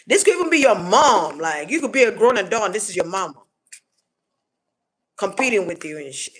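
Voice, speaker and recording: A woman's voice: mid-range voice, very animated, fairly quick. A woman giving a casual collective tarot reading, blunt and slangy, swearing freely and repeating words for emphasis. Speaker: tarot reader.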